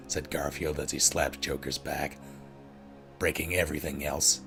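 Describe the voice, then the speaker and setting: Man, streamer, very deep voice, gravelly, deadpan story reading. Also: moderate pace, music in the background. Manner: deadpan read with slips and self-corrections. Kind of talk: reading a comic story aloud.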